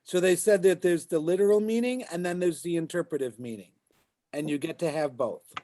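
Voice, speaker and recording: Rabbi teaching with a mellow voice. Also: male voice, on the high side, a little fast. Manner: explains as he goes, keeps asking "right?". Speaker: rabbi teaching a Talmud class. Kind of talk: lively classroom explanation. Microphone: video call.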